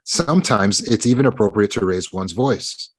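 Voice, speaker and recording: A man with a lowish, expressive voice speaks at a moderate pace over a faint hiss or hum. He's teaching a self-help lecture in a live online meeting, talking emphatically and directly to his students while acting out what the people in his examples say.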